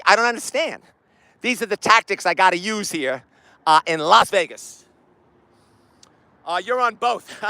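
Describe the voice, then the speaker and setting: An excitable man vlogging outdoors on a city street, rambling loudly at a phone set down nearby. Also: high voice, creaky, no echo, rough recording. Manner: excitable, loud and rambling, talks to his phone. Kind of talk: rambling comic street vlog. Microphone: phone camera set down nearby.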